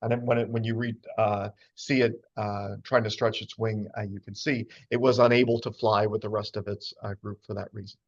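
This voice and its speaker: A man's voice: fairly low pitch, level tone, brisk, few pauses. A man from New giving a casual slide lecture on birds, chatty and full of fillers and asides. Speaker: birding lecturer. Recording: dull lo-fi sound.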